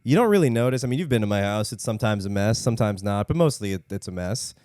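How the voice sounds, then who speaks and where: A young man co-hosting a podcast, telling funny stories in a casual, animated way and acting out other people's lines in exaggerated voices. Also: lowish voice, fast talker, no room sound, studio quality. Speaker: podcast co-host. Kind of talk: casual comedic storytelling.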